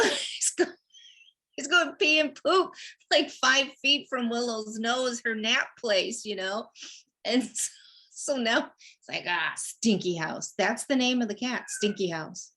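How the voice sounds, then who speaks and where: This middle-aged woman hosts an animal messages show as an animal communicator, chatting casually, telling stories and laughing often. Her medium-pitched voice sounds bright and forceful.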